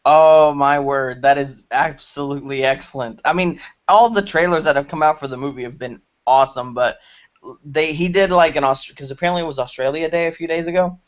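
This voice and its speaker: A man co-hosting a movie news podcast in casual chat, excitable, jokey and rambling. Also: fairly high pitch, a little fast, highs cut off. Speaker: podcast co-host. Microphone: video call.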